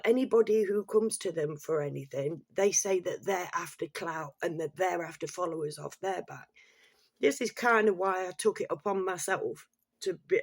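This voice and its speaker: Middle-aged vlogger, husky voice, mid pitch, blunt, sweary, rambling rant to camera. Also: dry recording, clean studio sound. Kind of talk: casual opinion rant to camera.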